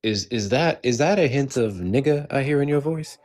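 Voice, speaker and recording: A man's voice: medium pitch, animated, normal speed, a little mellow. A man co-hosting a livestream, talking in laid-back slang and swearing freely. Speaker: livestream co-host. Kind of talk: casual livestream chat.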